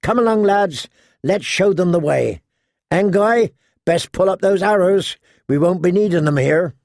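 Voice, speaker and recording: A man's voice: high voice, lively intonation, a little slow, vocal fry, a little mellow, dry recording, clean studio sound, pitched above the performer's own voice, heavily acted. A man playing a wry, coaxing outlaw minstrel. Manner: easygoing, coaxing and drawling. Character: wry middle-aged male outlaw minstrel.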